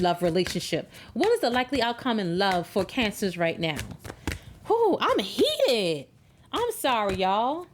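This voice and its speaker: A woman's voice: mid-range voice, slight background noise. A woman giving a tarot love reading in an emphatic, preachy way, repeating words for stress. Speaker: tarot reader.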